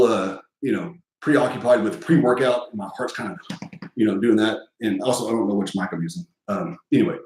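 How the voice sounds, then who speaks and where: A man's voice: mid-range voice, a little mellow. Crude rambling man in a roomy room. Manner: crude, joking, rambling storyteller. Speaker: podcast host. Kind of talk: casual rambling monologue.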